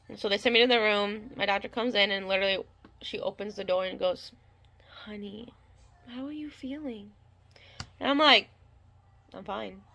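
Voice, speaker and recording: A young woman tells a personal story in a loose, rambling way, full of fillers and restarts. Her voice is bright and clear, and she slips into the people she quotes as she goes. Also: mid-range voice. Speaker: new mother telling her birth story. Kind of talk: casual storytelling.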